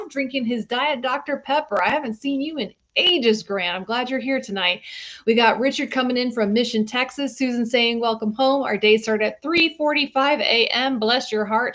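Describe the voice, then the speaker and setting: A woman's voice: medium pitch, fairly bright tone. A woman in her forties, a physical therapist, hosting a casual live stream, jet-lagged and chatty, greeting viewers by name and correcting herself as she goes. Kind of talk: casual live-stream chat reading out viewer shout-outs. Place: home studio in Florida.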